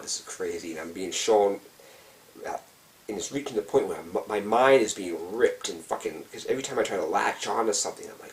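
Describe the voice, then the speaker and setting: A man with a fairly low voice tells a personal story in an intense, heavily profane way, acting out his own frantic thoughts as he goes. He sounds set back from the microphone. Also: far from the mic, poor audio. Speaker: vlogger. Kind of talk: casual first-person storytelling.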